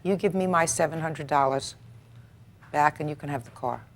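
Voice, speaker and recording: A woman judge questions the people before her in a lowish, firm voice. She is blunt and commanding and cuts people off with short orders. Her questions are pointed and skeptical. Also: moderate pace. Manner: blunt, commanding, interrupts sharply. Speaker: TV court judge. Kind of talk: courtroom questioning.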